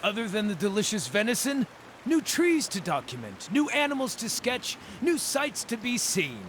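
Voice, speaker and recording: Brief: a small, gleeful druid creature in a game, high and bouncy, game music behind. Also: male voice, normal speed, slight background noise. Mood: eager. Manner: jovial and relishing, lively sing-song delivery. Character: cheerful small male Orlan druid, gleefully eating raw meat. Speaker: game character. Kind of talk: video game dialogue.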